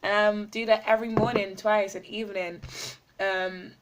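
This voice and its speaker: A woman chats in a casual video diary, warm and effusive, piling up fillers and repeating her words. Her pitch sits in a middle range, and she sometimes talks with food in her mouth. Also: level tone, moderate pace, lo-fi sound, noisy background. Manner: talks while eating. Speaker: vlogger.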